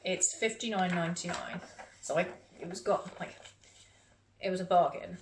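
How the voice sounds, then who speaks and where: A woman's voice: fairly low pitch, steady tone, normal speed. A woman vlogging about her recent purchases in a chatty, self-mocking, rambling way. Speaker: beauty vlogger. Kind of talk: casual haul chat to camera. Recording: echoey room with faint noise.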